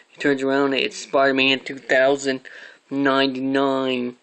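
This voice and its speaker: A man talks through his weekly comic picks in a loose, rambling way, dropping casual swear words as he goes. His pitch sits in a middling range and barely moves, which gives the delivery a flat, even sound. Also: moderate pace, clean tone, low-quality recording. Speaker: comic book reviewer. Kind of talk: casual review vlog.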